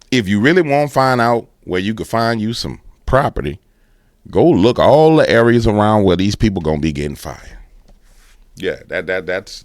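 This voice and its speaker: Animated low-voiced male commentator. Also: no echo, clean studio sound. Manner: animated, slangy, playful sound effects. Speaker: political commentary host. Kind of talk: casual political commentary.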